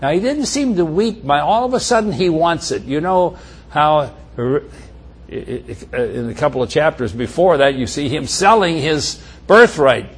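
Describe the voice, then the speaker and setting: A man preaching a sermon, teaching through a Bible passage and acting out its characters with big swings in pitch and loudness. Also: animated, moderate pace, husky.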